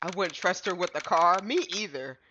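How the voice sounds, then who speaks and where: A woman's voice: lowish voice, moderate pace, sharp tone, a little hiss or hum. A woman casually commenting on a game she is playing, joking, rambling and poking fun at herself. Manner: joking, rambling, self-deprecating. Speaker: gaming YouTuber. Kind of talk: casual let's-play commentary. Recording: dull audio with game music.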